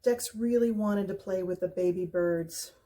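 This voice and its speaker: A woman reading a children's picture book aloud with expressive, gentle storytelling. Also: medium pitch, a little slow.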